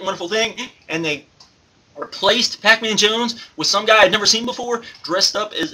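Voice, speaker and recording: Man playing a gushing fanboy reviewer persona, high voice, bright and sharp, husky edge, repeats himself. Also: exaggerated voice, rough recording. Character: giddy gushing male alter-ego reviewer. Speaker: wrestling reviewer. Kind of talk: excited spoken review.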